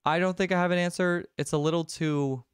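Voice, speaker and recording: A man's voice: a little high, fairly even intonation, fairly quick, clear, resonant tone, no echo, clean studio sound. A young man livestreaming a music quiz, chatting casually, laughing often and answering viewers by name. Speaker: livestreamer and singer.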